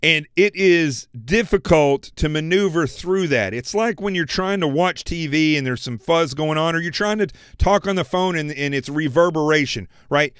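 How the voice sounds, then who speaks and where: A man delivers a heated political monologue, speaking straight to "folks" at home. His voice sits a little high for a man, and the sound is close and dry, with no room around it. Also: fairly bright tone, smooth, no echo. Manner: fired-up, addressing viewers as folks. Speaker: political commentary show host.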